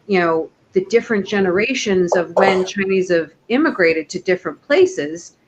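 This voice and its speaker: A woman's voice: medium pitch, expressive, moderate pace, a little hiss or hum. A woman co-hosting a casual chat show, talking enthusiastically and personally. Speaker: co-host. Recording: dull lo-fi audio.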